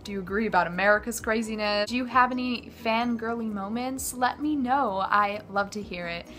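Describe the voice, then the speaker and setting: A woman talking casually to camera as a book vlogger, animated and gushing, mocking the characters in quick asides. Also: a little high, soft background music.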